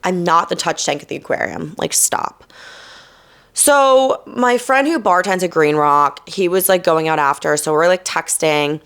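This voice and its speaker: A young woman from New Jersey hosting a podcast, telling a night-out story in a casual, animated way, swearing and quoting people with sass. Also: on the low side, normal speed, hardly any pauses, clear, resonant tone. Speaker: podcast host.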